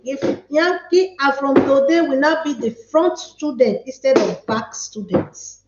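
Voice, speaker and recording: A playful Nigerian woman hosts a live stream, chatting loosely and reading comments aloud. Her voice sits high and she talks at an unhurried pace. The sound is echoey and a little dull. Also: lively intonation, heavy background noise. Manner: playful, chatty, mixes pidgin with English. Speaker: livestream host.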